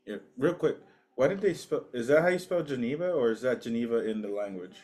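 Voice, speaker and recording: A man's voice: medium pitch, expressive, fairly quick, mellow. A man co-hosting a podcast, chatting in an easygoing, agreeable way over cigars and whiskey. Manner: easygoing, agreeable, lots of yeahs and likes. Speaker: podcast co-host.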